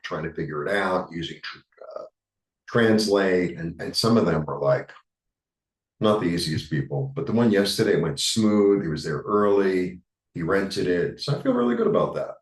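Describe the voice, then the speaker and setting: A man with a New York accent giving a rambling, halting tarot reading, full of fillers. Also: low voice, reverberant, recorded from a distance, poor audio. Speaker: tarot reader. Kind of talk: casual spiritual monologue.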